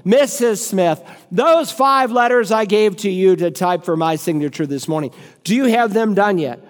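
Guy playing a bitter sales manager, grumbly and snappy, highish voice, hall echo. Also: animated, moderate pace. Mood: snapping. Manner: grumbling, then snapping orders. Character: resentful, grumbling male sales director.

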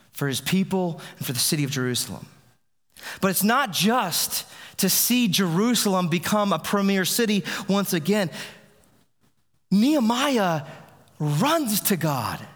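Male pastor mid-sermon, slightly high voice, conversational, many restarts, echoing sanctuary sound. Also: fairly bright tone. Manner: conversational preaching with frequent restarts. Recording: long reverb of a large hall.

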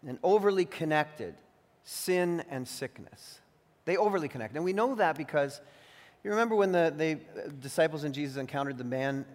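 A man with a high-set voice delivers an earnest, teacherly sermon at an unhurried pace, pressing hard on the phrases he wants remembered. His words ring out with the long reverb of a large church hall. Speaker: pastor.

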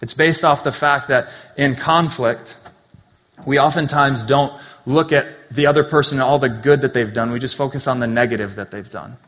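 A man's voice: medium pitch, normal speed, a bit bright. A man preaching a sermon in a conversational, earnest way, with casual asides to the congregation. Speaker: pastor. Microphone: handheld or stand mic. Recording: long hall reverb.

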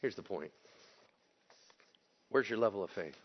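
Man, pastor, sermon, casual and blunt, very lively pitch, dull lo-fi recording. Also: unhurried, husky. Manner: casual, blunt, acts out quotes in voices.

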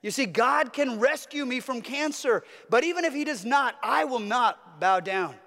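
A man's voice: very high voice, lively intonation, normal speed, creaky, pushed and bright, in a large hall. A man preaching a sermon as a pastor, earnest, with a repetitive, building cadence.

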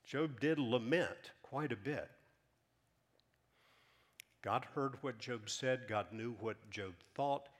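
A man preaching a sermon as pastor, emphatic, rising loud then dropping to a hush. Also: mid-range voice, slow pace, long pauses. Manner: emphatic, swings from loud to hushed.

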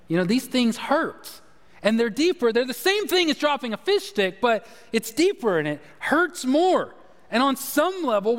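A high-pitched male pastor delivers a live sermon in a relaxed, conversational way. He keeps asking the congregation questions and slips into quick acted-out lines from daily life. His voice rings with the long reverb of a church hall.

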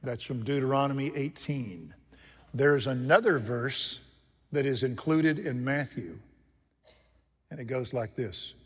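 Slow, emphatic male preacher in a reverberant hall. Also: medium pitch, slightly rough. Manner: swings between loud emphatic lines and hushed asides, asks the congregation questions. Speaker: pastor. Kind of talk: sermon. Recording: long reverb from a large hall.

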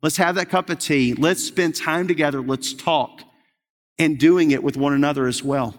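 Middle-aged male pastor, earnest conversational sermon, slightly raised pitch, reverberant sanctuary. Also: normal speed. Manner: earnest, conversational, with frequent restarts. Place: church sanctuary. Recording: long hall reverb.

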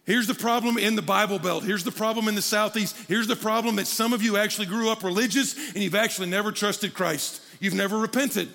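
Man, pastor, high bright voice, animated sermon, hall reverb. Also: a little fast, creaky, hardly any pauses. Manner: animated preaching, jokey asides to the crowd. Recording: long hall reverb from a large room.

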